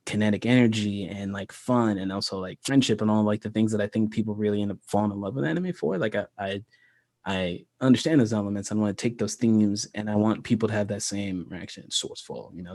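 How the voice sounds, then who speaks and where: This American livestreamer, the creator of a fantasy world, speaks briskly in a lowish voice while chatting about it. He's easygoing and rambling, using "like" constantly and laughing often. The recording is dry.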